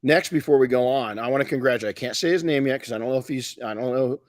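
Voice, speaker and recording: A man's voice: medium pitch, fast, dry recording, clean studio sound. A middle-aged man hosting a live podcast, telling stories in a rambling, folksy way with many restarts. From Southern California. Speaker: podcast host and detailing educator.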